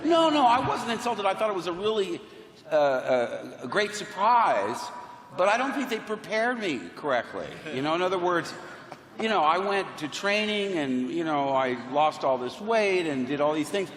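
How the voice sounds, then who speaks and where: Lively man telling stories in a big hall. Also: high voice, normal speed. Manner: animated, acts out quotes in different voices. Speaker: panel guest. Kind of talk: anecdotal storytelling to a crowd. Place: large convention hall. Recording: echoey convention hall, faint hum.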